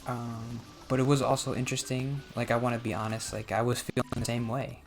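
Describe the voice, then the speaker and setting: A young man talking casually and self-reflectively while playing a video game, rambling with soft laughs. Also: medium pitch, flat delivery, brisk, creaky. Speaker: gaming vlogger. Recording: music playing underneath.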